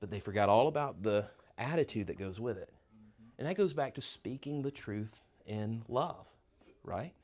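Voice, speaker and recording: Man, 50s, Bible class teacher; casual and halting, lots of repeats. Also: fairly low pitch, lively intonation, darkish tone. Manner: halting, repeats words and restarts often.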